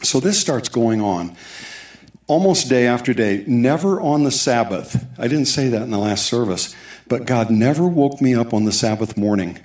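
Recorded in an echoey church sanctuary, a man shares his testimony as a sermon, weaving in asides and quoted dialogue. His medium-pitched voice is a little mellow, with lively intonation and a moderate pace.

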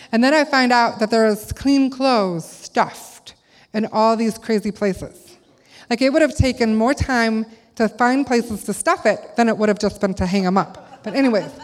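A woman preaches with candid, animated storytelling, acting out her own outbursts along the way. Her voice sits a little on the high side, and a long hall reverb trails after every phrase, as in a church sanctuary. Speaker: speaker at a church service. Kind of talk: sermon with personal storytelling.

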